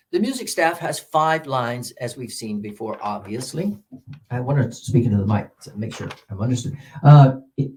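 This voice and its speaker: A man giving a workshop on teaching English pronunciation, repeating words slowly and counting syllables aloud. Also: on the high side, a little mellow. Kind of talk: teacher-training workshop talk. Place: presentation room with a mic.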